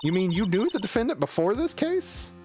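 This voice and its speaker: A calm, confident lady lawyer with a put-on Southern US drawl, played by a man. She speaks in a measured way, with game music behind her. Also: high-pitched, pitched above the performer's own voice. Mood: composed.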